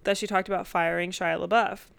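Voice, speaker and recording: Smooth-voiced young woman co-host, earnest. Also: fairly low pitch, fairly even intonation, dry recording. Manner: earnest, measured, talks through a timeline. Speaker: podcast co-host. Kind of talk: casual chat.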